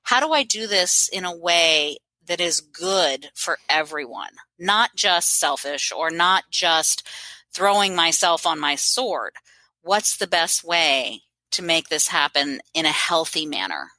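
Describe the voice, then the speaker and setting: An encouraging female counselor giving practical advice. Her voice is lowish but bright and forceful, recorded dry and close. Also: animated, slow pace, no room sound, poor audio. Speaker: guest, mental health counselor. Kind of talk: interview answers.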